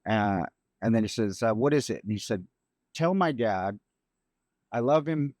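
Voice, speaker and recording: A middle-aged man, a grieving father, telling a personal story on a podcast in a halting, reflective way with many restarts. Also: lowish voice, expressive, a little mellow, dry recording, studio quality. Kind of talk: emotional storytelling.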